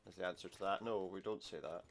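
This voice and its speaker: Over game music, a man with a deep, gravelly, steady voice talks quickly through a let's-play of a retro game. His commentary is casual and wry, full of jokes he mutters half to himself.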